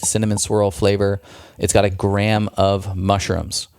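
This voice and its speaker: A man's voice: fairly low pitch, completely flat delivery, a little slow, a little mellow, clean tone, no echo. A man co-hosting a podcast, chatting enthusiastically about a product, with frequent restarts. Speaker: podcast co-host. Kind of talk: casual product pitch in a podcast chat.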